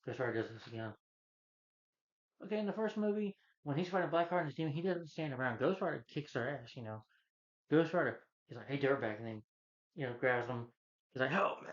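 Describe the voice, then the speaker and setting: A man in the middle of a loose, rambling movie review, working through the plot with fillers at every turn. His voice sits at an ordinary middle pitch. The recording has a slightly muffled, lo-fi quality. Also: a little fast, pauses often. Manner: loose, meandering retelling with many fillers. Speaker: film reviewer.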